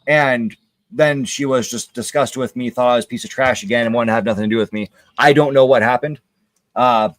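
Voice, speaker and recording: A man hosts a casual gaming livestream, chatting while he plays and talking candidly with lots of hesitations, restarts, and rambling. His voice is mid-range, with no room sound.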